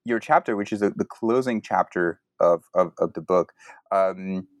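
A man interviewing authors about an academic book, talking in a halting way with many repeated words. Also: deep voice, no echo.

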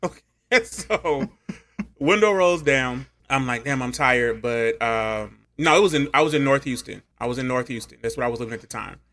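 Animated bright-voiced man telling stories. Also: mid-range voice, normal speed. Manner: animated, laughs often while telling stories. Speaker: podcast co-host. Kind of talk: casual chat, comic storytelling.

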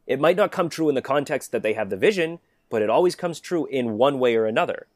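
A man's voice: medium pitch, animated, quick pace, no room sound. An enthusiastic male podcast co-host chatting casually about a book. His voice sits mid-range and the recording is dry and close, with no room sound. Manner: enthusiastic, laughing. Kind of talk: casual fan discussion.

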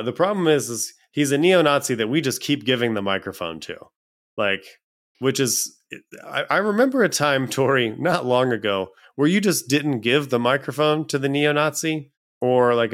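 A man's voice: medium pitch, animated, a bit bright. A man co-hosting a podcast, talking casually with many fillers and restarts and a frustrated tone. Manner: halting, filler-heavy, exasperated. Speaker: podcast co-host.

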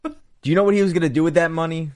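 A man's voice: on the high side, fast, crowd noise. A man hosting a casual episode recap chat, laughing often and hesitating with lots of fillers. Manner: laughs often, hesitant with many uh and you know. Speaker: host.

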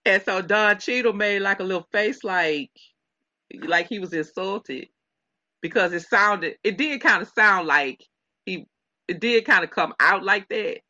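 A woman's voice: medium pitch, measured pace, sharp tone, no room sound, dull audio. A woman co-hosting a casual gossip chat, rambling and laughing often with many restarts. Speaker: podcast co-host.

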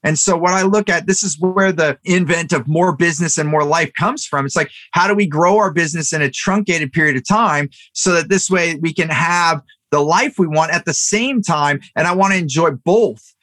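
Guy on a podcast telling a story, kinda high voice, restarts a lot, super dry sound. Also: normal speed, no echo. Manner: animated storyteller, frequent restarts. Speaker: podcast guest. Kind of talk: storytelling interview talk.

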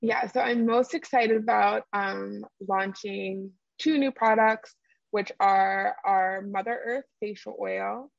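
Gravelly-voiced woman founder, muffled sound. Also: mid-range voice, steady tone, takes it slowly, dry recording. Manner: explanatory, many fillers, laughs easily. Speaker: skincare brand founder. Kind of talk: conversational interview answers.

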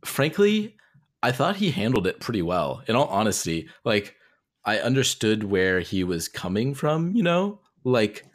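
Low-voiced man rambling in sports chat. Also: very animated, measured pace. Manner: rambling with many "like" fillers. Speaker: podcast co-host.

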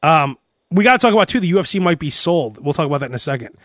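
High-voiced animated podcast host man. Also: racing, no echo, clean studio sound. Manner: loud and animated, jumps between topics. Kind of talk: casual chat.

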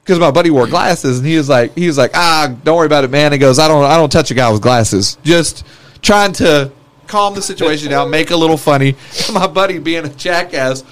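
A man's voice: on the high side, a little fast. A man swapping rowdy stories in casual chat, often laughing as he talks. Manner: laughing, relaxed yarn-spinner.

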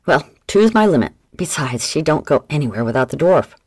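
A woman's voice: low-pitched, very animated, brisk, a little mellow, breathy edge, dry recording, full character voice. A woman voicing a wry, nervous male gambler with dry wisecracks.

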